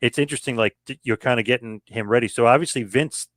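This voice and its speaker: A man's voice: medium pitch, fast, fairly bright tone, no echo. A man hosting a casual podcast chat, asking questions and filling with "like" and "I mean". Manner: asks questions, uses "like" and "I mean" as fillers. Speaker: podcast host.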